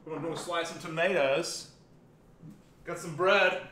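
A man's voice: on the high side, steady tone, a little slow, pushed and bright, echoey room, slight background noise. An American man hosting a casual cooking live stream from his home kitchen, rambling, joking and swearing as he cooks. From United States.

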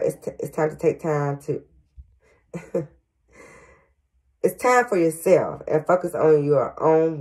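A woman's voice: sits low, dark tone. A grandmother working as a psychic medium, giving a casual reading to viewers with frequent stutters, fillers and "y'all". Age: older.

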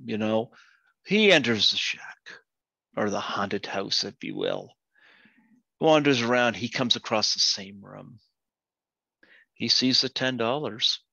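A man hosting a podcast who tells long jokes at a slow, unhurried pace and laughs along with them. His voice is bright and forward. The sound is dull and lo-fi, in a very dry space. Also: mid-range voice, gravelly, no room sound. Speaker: podcast host. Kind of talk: casual chat, telling jokes.

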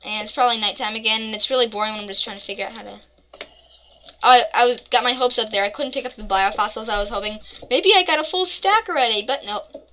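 A woman's voice: on the high side, fast talker, pushed and bright, a little hiss or hum. A woman casually commenting on her own gameplay, playful and mock-dramatic, rambling between asides. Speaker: gaming channel host.

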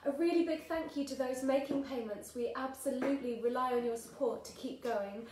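A woman's voice: high voice, fairly quick, darkish tone, a little hiss or hum. Cheery woman leading a kids' music class. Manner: cheery, sings and chants rhymes for little ones. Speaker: children's music class leader. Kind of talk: singing children's music class. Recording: echoey room with guitar.

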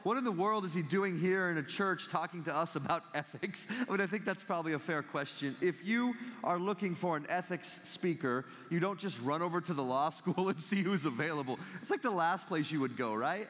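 A man's voice: a little high, a little fast, few pauses, a bit bright. A man in his thirties giving a campus talk as a guest speaker, telling a story with jokes and acting out the quoted lines. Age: 30s. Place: large hall. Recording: long hall reverb.

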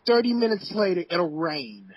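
A man's voice: sits high, lively intonation, moderate pace, breathy edge, dry recording, highs cut off. A man in a casual podcast chat, ranting emphatically with lots of swearing. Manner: emphatic, profane, exasperated ranting.

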